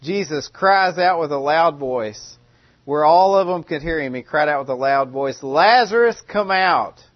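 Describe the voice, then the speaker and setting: A man preaching a sermon in a dramatic way, with loud cries and long hushed pauses. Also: fairly high pitch, dry recording, dull audio.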